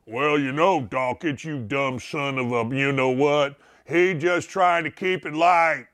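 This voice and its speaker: A man putting on the voice of a dim male sports fan who makes excuses, in a slow, dopey, mocking drawl. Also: on the high side, fairly bright tone, dry recording, pitched below the performer's own voice.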